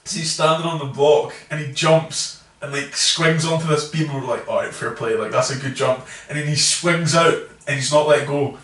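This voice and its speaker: A man's voice: a little high, fairly even intonation, normal speed, a bit bright. A young Scottish man chatting casually and telling funny stories, laughing often. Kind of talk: casual chat. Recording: echoey room, picked up from a distance.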